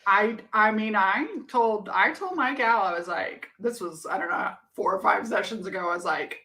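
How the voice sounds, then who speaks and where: A woman coach in casual podcast conversation, animated and freely swearing as she talks. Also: mid-range voice, normal speed.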